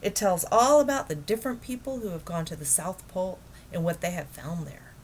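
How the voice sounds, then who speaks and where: A woman's voice: fairly low pitch, a little fast, a little mellow, slight background noise, natural voice. A woman reading a children's book aloud, voicing an eager, dreamy middle-aged man who is enthusiastic about penguins. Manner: enthusiastic, wondering.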